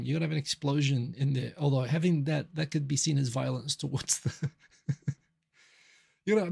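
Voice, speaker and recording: A man's voice: mid-range voice, vocal fry, warm tone, breathy edge. A middle-aged man from New Zealand hosting a casual live stream, chatting and reacting to viewer comments as they come in.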